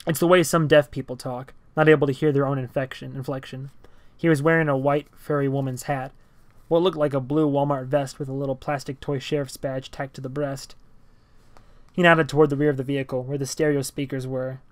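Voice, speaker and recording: A man giving an amateur audiobook reading of a novel, telling it in first person in a brisk, tense way. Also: mid-range voice, flat delivery, no room sound.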